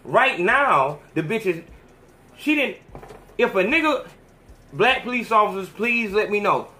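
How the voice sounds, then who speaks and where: A man's voice: sits high, animated, measured pace, bright, forceful tone. Fiery, profane male podcast host. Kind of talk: heated podcast commentary.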